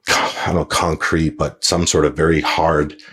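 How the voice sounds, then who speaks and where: A man's voice: rumbling low, flat delivery, moderate pace, a bit bright, slightly rough. A man hosting a podcast, telling a story casually with lots of fillers, restarts and swearing. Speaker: podcast host.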